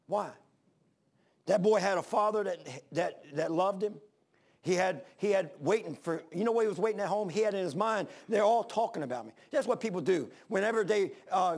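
A man's voice: sits high, gravelly. A man in his sixties preaching a sermon, pleading with repeated questions in plain, folksy speech. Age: 60s. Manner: fervent, repetitive pleading questions.

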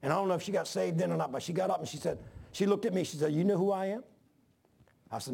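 Middle-aged male pastor, higher pitch with gravel and husk, storytelling sermon that climbs to shouts. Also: expressive, fast talker. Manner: storytelling preacher, repeats phrases, rises to shouts.

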